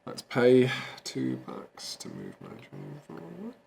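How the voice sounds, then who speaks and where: A man's voice: mid-range voice, huge pitch swings, slow, gravelly, a little mellow, slight background noise. A man in casual chat over a board game, dryly muttering to himself as he decides his moves.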